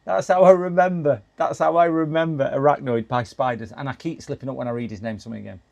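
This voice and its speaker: Middle-aged male streamer, gravelly fry-heavy voice at an ordinary pitch, chatty and rambling while he works on a computer. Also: fast talker. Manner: chatty, talks to chat while working, frequent restarts and laughs. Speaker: live-stream repair streamer. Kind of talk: casual live-stream chat.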